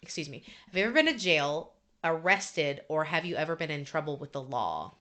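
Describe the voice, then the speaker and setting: Co-host: woman, slightly low pitch, bright tone, playful interviewer. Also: a little fast. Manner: animated, teasing questioner. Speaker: podcast co-host. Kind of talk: casual chat, interviewing.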